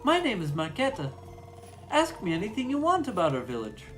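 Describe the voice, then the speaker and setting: A man voicing a helpful, chatty village woman in a brisk, cheery read. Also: sits high, wildly swooping pitch, a bit bright, faint music behind, voice pushed up, full character voice.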